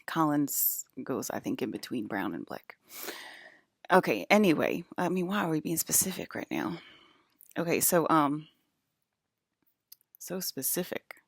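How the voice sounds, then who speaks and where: A woman's voice: low voice, sing-song, normal speed, vocal fry, husky, dry recording, clean studio sound. A young woman streaming to her chat, rambling casually, giggling often and restarting her sentences with lots of fillers. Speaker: livestreamer talking to chat.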